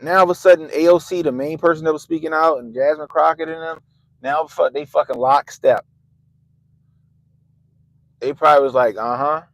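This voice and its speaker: A man hosting a livestream, ranting casually and swearing constantly, swinging between loud outbursts and low mutters. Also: normal speed, long pauses, poor audio. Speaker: livestream host. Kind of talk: profane casual rant. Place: Baltimore.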